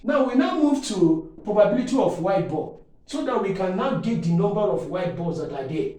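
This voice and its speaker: High-voiced male maths teacher, echoey room. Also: a little mellow. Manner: leaves questions hanging with "what?" for the class to answer, checks in repeatedly. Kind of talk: exam-prep lesson explanation. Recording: very echoey room, from far off the mic.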